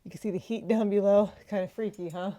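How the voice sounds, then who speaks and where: Talking fast in a dark, medium-pitched voice with a steady tone, this cheesemaking channel host films a casual vlog in her home kitchen. She chats to camera, sounding exasperated and poking fun at herself.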